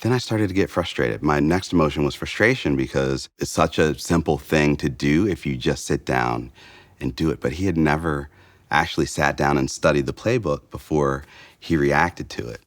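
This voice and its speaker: A father recounts a family moment in a halting way, full of fillers. His voice is extremely deep, and the recording is dry and close. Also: no room sound. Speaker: parent. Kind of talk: personal account in an interview.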